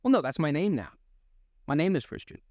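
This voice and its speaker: A young man co-hosting a podcast in casual chat, animated and laughing often, with quick swings in pitch. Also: no room sound. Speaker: podcast co-host.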